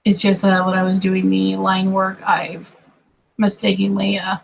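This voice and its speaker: A woman's voice: mid-range voice, monotone, unhurried, gravelly, a little hiss or hum, poor audio. A woman streaming while she draws, talking in a casual, rambling way with apologetic, self-deprecating asides that often trail off into murmurs. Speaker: digital artist streaming her drawing. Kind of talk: casual commentary while drawing.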